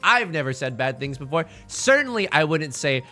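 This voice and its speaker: A young man streaming a mahjong game, chatting casually and joking with playful, drawn-out emphasis. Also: fairly high pitch, big pitch swings, sharp tone, soft background music. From China. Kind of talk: casual live-stream commentary while playing mahjong.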